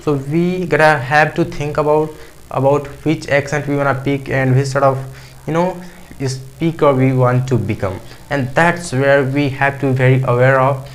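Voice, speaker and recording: A man's voice: medium pitch, steady tone, normal speed, low-quality recording. A man giving casual spoken advice to learners, earnest and loosely strung together, repeating himself as he goes. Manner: earnest, loose and repetitive, piling up clauses. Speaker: English teacher on a video channel.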